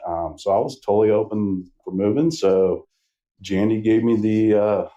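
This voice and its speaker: A middle-aged man with a low voice, warm and mellow in tone. He talks easily as a guest on a trade podcast, wandering through his story with lots of "uh"s and "um"s. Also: moderate pace, lo-fi sound. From Northern California. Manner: relaxed, rambling storyteller with many fillers. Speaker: manufacturer sales rep, guest. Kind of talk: casual podcast interview.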